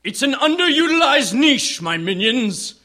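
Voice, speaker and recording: A man's voice: very high-pitched, big pitch swings, measured pace, pushed and bright, full character voice. An actor playing a grandiose, pompous alien cult lord speaking through a man's body, in an audio drama. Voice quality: pompous, theatrical.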